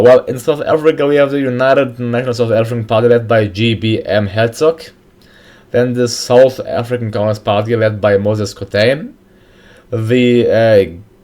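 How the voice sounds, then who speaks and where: Guy talking over a strategy game mod, kinda halting, lots of uh and restarts, middle pitch. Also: darkish tone. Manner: halting, reads out names with many pauses and restarts. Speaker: video host reviewing a game mod. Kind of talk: casual screen-recorded game commentary.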